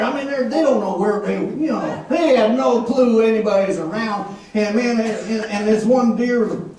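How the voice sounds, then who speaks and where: A man preaching a sermon as an animated storyteller, acting out voices and laughing often. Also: high-pitched. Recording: echoey room from far off with faint noise.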